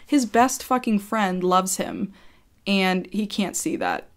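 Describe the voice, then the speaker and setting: A woman's voice: mid-range voice, wildly swooping pitch, slow pace. A woman YouTuber telling a story in a casual, rambling rant, heated and swearing freely.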